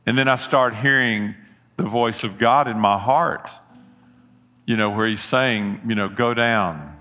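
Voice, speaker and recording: Bright-voiced pastor preaching. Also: male voice, lowish voice, steady tone, a little slow. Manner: folksy storytelling, earnest appeals. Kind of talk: sermon with personal story.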